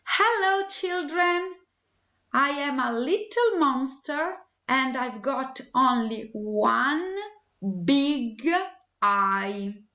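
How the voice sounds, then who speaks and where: A small one-eyed monster says hello in a high, playful voice, put on by a woman teacher. She draws the words out slowly, and the sound echoes in a roomy space. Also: expressive, bright, forceful tone, full character voice.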